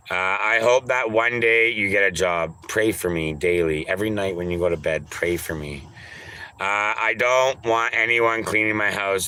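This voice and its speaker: Male streamer, low-ish voice, slow drawl, teasing, crude, casual chat. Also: bright, forceful tone, slight background noise. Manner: teasing, repeats names in drawn-out pleading calls; crude, offhand.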